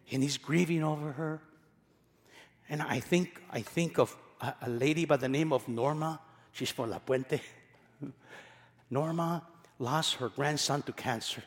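A male pastor preaching a sermon, emphatic, repeating key phrases and swinging between loud passages and quiet ones. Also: a little high, in a large hall.

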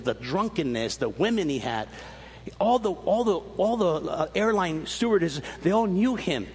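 Preacher, male, fairly high husky voice, lively emphatic sermon storytelling, long hall reverb. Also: a little hiss or hum. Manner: animated storytelling with emphatic rises and repeated restarts.

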